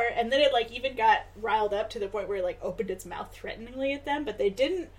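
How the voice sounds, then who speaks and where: A woman co-hosting a podcast, chatting in a wry, casual way that often trails off softly. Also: fairly high pitch, quick pace. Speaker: podcast co-host. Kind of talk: casual chat.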